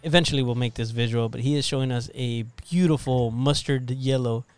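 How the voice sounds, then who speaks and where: A man's voice: medium pitch, fairly even intonation, brisk, darkish tone, clean tone. A man hosting a casual podcast over a video call, upbeat and rambling, laughing often. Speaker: podcast host.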